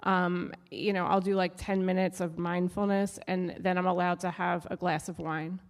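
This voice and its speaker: A woman's voice: fairly low pitch, flat delivery, normal speed, big-room sound. A young adult woman doing a stand-up set on stage, wry and self-deprecating with punchy delivery. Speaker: stand-up comedian. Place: stage of a live show.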